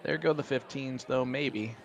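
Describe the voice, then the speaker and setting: An excitable male commentator calling a darts match live. He talks in a chatty, joking way at a middling pitch, with faint noise underneath. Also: unhurried, creaky, dull audio, a faint crowd.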